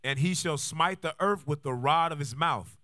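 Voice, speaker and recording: A man reading Bible verses aloud in a steady, formal way during a class. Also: fairly high pitch, moderate pace, dry recording, studio quality. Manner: steady, formal reading, polite short replies. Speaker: scripture reader.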